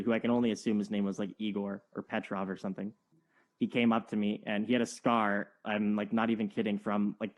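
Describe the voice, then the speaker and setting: A man in his twenties, co-hosting a casual sports podcast, telling jokey stories with lots of filler words. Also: on the low side. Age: 20s. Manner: joking storyteller, rambling with many fillers. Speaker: podcast co-host. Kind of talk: casual chat.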